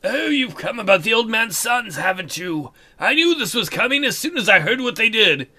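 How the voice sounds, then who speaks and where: A man voicing a humble male thrall and former outlaw in a video game, speaking softly and slowly with a pleading tone. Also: high-pitched, very animated, exaggerated voice. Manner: soft, slow, pleading.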